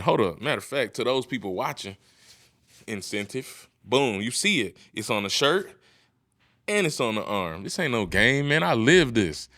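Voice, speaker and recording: Fired-up motivational man, bright and intense. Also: dry recording, clean studio sound. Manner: preachy, swings from low and quiet to loud and high. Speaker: podcast host. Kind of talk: motivational podcast talk.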